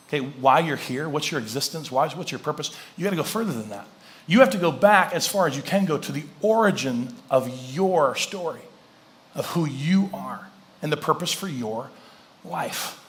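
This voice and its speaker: Lively, bright-voiced male pastor preaching. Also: a little high. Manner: conversational, animated, acts out dialogue. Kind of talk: sermon. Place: church sanctuary.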